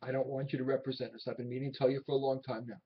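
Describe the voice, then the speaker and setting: An actor playing a young, brisk boss who talks in a clipped, evasive, softly dismissive way. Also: male voice, medium pitch, flat delivery, husky, close to an everyday voice. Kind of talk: film drama acting. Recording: dull old film soundtrack.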